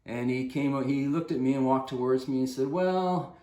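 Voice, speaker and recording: A man's voice: medium pitch, completely flat delivery, fairly quick, warm tone, reverberant. An older man, a fitness coach, telling a rambling anecdote to the camera in a casual way, with many fillers and restarts.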